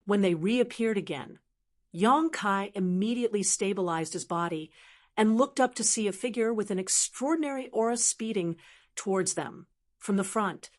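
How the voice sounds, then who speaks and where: A woman's voice: mid-range voice, moderate pace. Woman narrating a fantasy audiobook.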